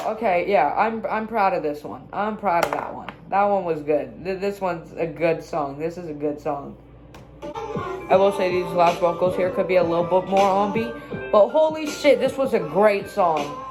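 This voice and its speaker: A woman casually reacting to her own songs, blunt, self-critical and swearing freely. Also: mid-range voice. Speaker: musician reacting to own album. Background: own music playing clearly.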